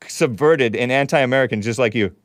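A man's voice: medium pitch, a little fast, no room sound, clean studio sound. A man hosting a call-in show, combative and mocking as he trades barbs with a caller. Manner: mocking, combative, name-calling. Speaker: talk show host.

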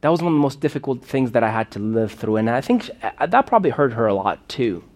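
A man's voice: mid-range voice, sing-song, fast, darkish tone. A man telling a personal story in a sermon, talking in a loose, conversational way full of fillers and restarts. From Moldova. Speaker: preacher.

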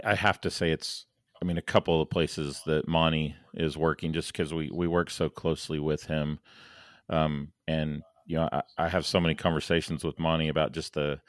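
A man from Saint Louis, a podcast guest talking casually in halting starts and restarts, his voice going hoarse. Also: extremely low pitch, no echo, clean studio sound. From Saint Louis, USA. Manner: halting, many restarts and fillers. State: losing his voice. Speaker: guest, engineer and planner.

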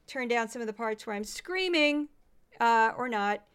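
A woman's voice: fairly high pitch, expressive, moderate pace, a bit bright, clear, resonant tone. A tired woman hosting a solo podcast, chatting through statistics with self-deprecating asides. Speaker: podcast host. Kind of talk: casual solo podcast commentary.

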